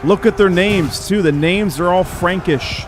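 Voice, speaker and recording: A man's voice: high-pitched, unhurried, music in the background. A man streaming gameplay live, chatting with viewers in an opinionated, talkative way.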